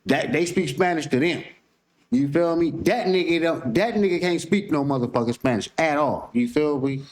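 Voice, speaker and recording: A man from San Francisco hosts a reaction show in loose, casual talk. His voice sits high for a man. He sounds heated and incredulous, swearing freely as he questions what he sees. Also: normal speed.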